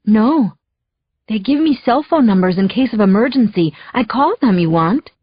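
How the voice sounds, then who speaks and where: A woman's voice: fairly high pitch, expressive, normal speed, slightly rough, no echo, lo-fi sound. A woman narrator voicing a plainspoken accented female housekeeper who talks in simple, broken phrasing. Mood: matter-of-fact.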